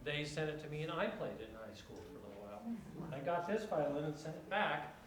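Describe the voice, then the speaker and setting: A man playing violin live, chatting casually between tunes in a halting way with many fillers. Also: fairly high pitch, very animated. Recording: echoey room with instrument music.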